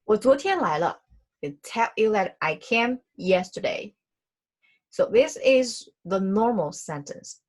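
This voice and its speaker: A woman's voice: medium pitch, lively intonation, slow. A young woman whose first language is Mandarin teaches a Chinese grammar lesson in Chinese and English, often rephrasing her points and putting questions to her learners. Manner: explanatory, repeats and rephrases, asks learners questions.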